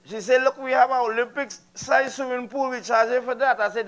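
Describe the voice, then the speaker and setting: A man's voice: very high voice, fairly even intonation, fairly quick, a bit bright, slight background noise. Older Trinidadian man doing stand-up. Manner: chatty, teasing the audience. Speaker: stand-up comedian. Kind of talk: stand-up comedy routine. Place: live comedy venue.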